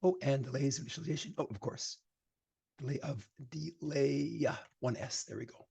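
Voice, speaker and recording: A man's voice: medium pitch, moderate pace, gravelly, mellow, breathy edge. A man teaching programming in a live-coding lecture, chatting and thinking aloud as he types, growing emphatic when he gives advice. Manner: chatty, thinks aloud while typing code. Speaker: programming instructor.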